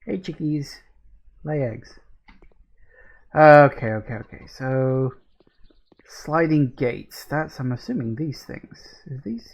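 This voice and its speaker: A woman narrates a farm-building game in a chatty let's-play style. Her pitch jumps around freely, and she breaks into sudden excited cries and laughter while reading the game's prompts aloud. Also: slightly rough. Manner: chatty, easily excited, quick to laugh and swear. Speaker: gaming video host. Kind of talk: casual let's-play commentary.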